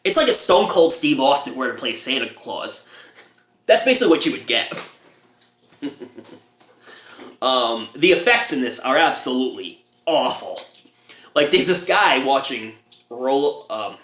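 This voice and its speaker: A man casually reviewing a low-budget horror movie, laughing often as he retells scenes and squeaks out the characters' lines. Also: very animated, measured pace, pauses often, fairly bright tone, echoey room.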